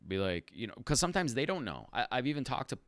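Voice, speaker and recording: A man hosting a casual livestream Q&A for rideshare drivers, animated and talking in fits and restarts. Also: mid-range voice, fast talker, no room sound. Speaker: rideshare channel host answering live chat.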